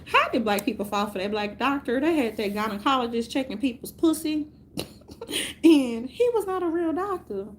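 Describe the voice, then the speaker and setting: A woman's voice: high voice, lively intonation, normal speed, slight background noise. Profane, rambling woman ranting to viewers. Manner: profane, rambling, often laughing. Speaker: vlogger. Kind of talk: casual rant to viewers.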